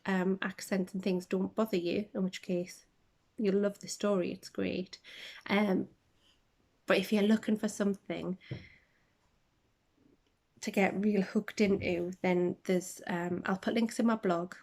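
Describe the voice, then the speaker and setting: A woman hosts a casual book-chat podcast, recorded on her phone, with a mid-range voice. She rambles happily through tangents, filling gaps with ums. Now and then she drops into a soft half-whisper. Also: mid-range voice. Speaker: podcast host. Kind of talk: casual chat about books.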